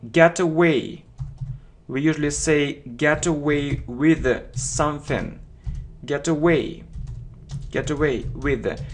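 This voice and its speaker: A man teaching English vocabulary, who says each phrase and then repeats it slowly and deliberately. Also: fairly high pitch, slight background noise. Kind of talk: vocabulary lesson.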